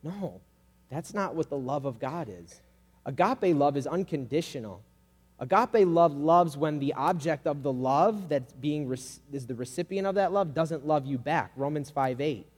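A man with a somewhat high voice delivers a sermon in a relaxed, conversational way, sprinkling in "like" and briefly acting out quoted voices. His words ring through the hall with a long reverb.

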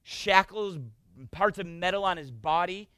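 A male pastor preaching a sermon, emphatic and swinging between loud bursts and hushed passages. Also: sits high, measured pace, clear, resonant tone, no echo.

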